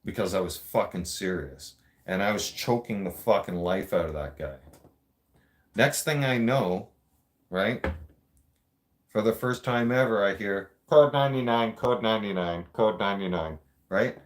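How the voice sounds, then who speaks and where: A man hosting a show tells a story bluntly and casually, swearing constantly and speaking straight to his listeners. His voice is fairly low and a little slow, with long pauses, and he comes across as streetwise.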